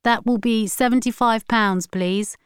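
A woman's voice: fairly high pitch, steady tone, unhurried, clean tone, no echo, studio quality, voice pushed up, natural voice. A woman reading the part of a sarcastic, condescending male ticket seller. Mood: sneering.

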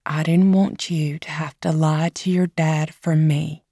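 A weary, gentle mother from a storybook, as a woman reader puts her on, speaking softly and earnestly. Her voice is low and gravelly, with a slow, unhurried delivery. The recording is close and dry. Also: level tone, no room sound.

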